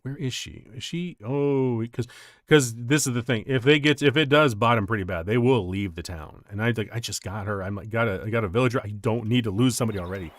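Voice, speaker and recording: A male streamer telling stories in casual chat while playing a game, rambling and animated, laughing often. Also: mid-range voice, a little fast, dry recording, studio quality.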